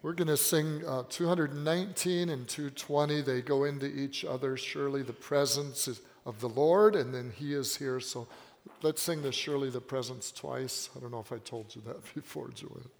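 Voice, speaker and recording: A man leading worship in church, making brisk, offhand hymn announcements. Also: mid-range voice, creaky. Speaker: worship leader. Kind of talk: announcing hymns and singing. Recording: roomy hall with loud music.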